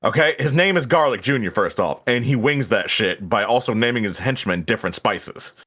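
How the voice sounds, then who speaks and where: A man's voice: mid-range voice, lively intonation, fairly quick, bright, forceful tone. A young man chatting casually and profanely while livestreaming. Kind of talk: casual live-stream chat.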